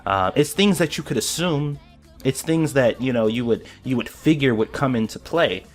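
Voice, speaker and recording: A man talks through an anime episode in a loose, excited ramble, circling back and restarting his thoughts as he goes. His pitch sits in an ordinary middle range. Soft music plays faintly underneath. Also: normal speed. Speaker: anime reaction vlogger. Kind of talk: casual reaction commentary.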